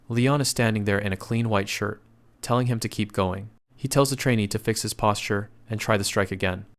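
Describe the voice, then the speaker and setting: Male recap narrator, lowish voice, steady scripted storytelling read.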